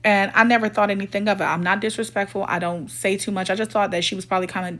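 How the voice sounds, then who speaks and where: A woman speaks very fast with hardly any pauses, her mid-range, slightly bright voice keeping a fairly even intonation. She's a storytime vlogger giving a casual, emphatic and indignant retelling of a personal story, voicing the people in it.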